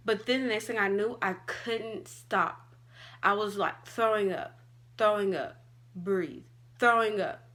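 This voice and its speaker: A woman's voice: medium pitch, fairly bright tone. A young adult woman vlogging, telling a personal story in a casual, chatty way with lots of "like". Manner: chatty, fillers like "like" and "all like".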